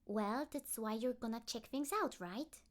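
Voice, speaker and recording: A woman's voice: on the high side, measured pace, pitched above the performer's own voice, close to an everyday voice. Small cheerful female kwami creature, encouraging, slightly raised voice, read by a woman. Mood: reassuring.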